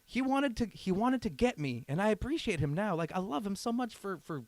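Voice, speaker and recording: A man's voice: high-pitched, fairly quick, dry recording. A man in his thirties, a podcast guest, telling a rambling anecdote in casual chat and acting out the other people in it. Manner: animated anecdote-telling, acts out quoted voices.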